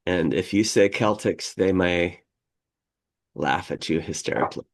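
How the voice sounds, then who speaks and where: Low gravelly man reading and chatting. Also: a little slow. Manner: rambling, digressive, laughs often. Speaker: podcast co-host. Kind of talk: casual chat reading from a history book.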